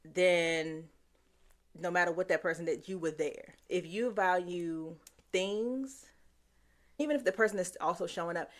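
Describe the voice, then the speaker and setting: A woman's voice: on the low side, measured pace. Reflective woman podcast co-host. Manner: reflective, thinks aloud with ums. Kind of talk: casual chat.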